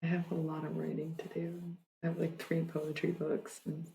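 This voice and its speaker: A livestreamer who reads their own poetic prose aloud in a slow, dreamy way, then chats softly and rambles. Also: mid-range voice, completely flat delivery, vocal fry, a little hiss or hum. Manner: dreamy, deliberate reading; soft, rambling chat with many "like"s.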